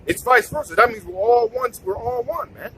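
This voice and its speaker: High-voiced man teaching scripture, street noise. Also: expressive, moderate pace, bright, forceful tone, rough recording. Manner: preachy, repeats words, many restarts. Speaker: bible teacher. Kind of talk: casual scripture talk.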